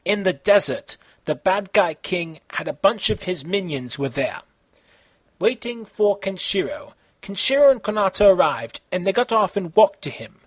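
A man reading his own fan fiction aloud in an amateur, halting way, with slips and self-corrections. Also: sits high, sing-song, slightly rough, dry recording.

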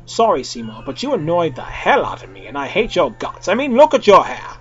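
A man voicing a scornful, blunt young woman in a low, dismissive tone. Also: huge pitch swings, brisk, breathy edge, dull audio, faint music behind, heavily acted.

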